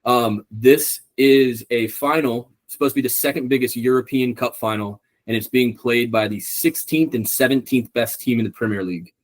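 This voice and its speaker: A man's voice: medium pitch, fairly even intonation, normal speed, few pauses. A young man co-hosting a podcast in casual chat, rambling with lots of ums and swearing freely. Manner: rambling, profane, many ums. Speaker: podcast co-host.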